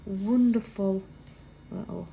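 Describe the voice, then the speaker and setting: A British woman hosting a live craft tutorial, chatting as she works and dropping to a soft whisper while she draws. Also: medium pitch, slow pace, creaky, slight background noise. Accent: British English. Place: busy indoor craft workroom.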